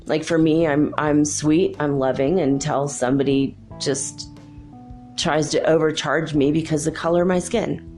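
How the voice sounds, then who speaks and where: A woman's voice: low-pitched, steady tone, moderate pace, darkish tone, faint music behind. A middle-aged woman hosting a spiritual podcast, chatting and rambling through stories and laughing often. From United States. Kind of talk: casual spiritual talk.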